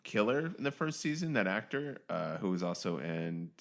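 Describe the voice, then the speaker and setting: A man's voice: deep voice, moderate pace, gravelly. A man from Louisiana chatting on a podcast, joking and playing offended. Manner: joking, mock-offended, animated. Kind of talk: casual chat.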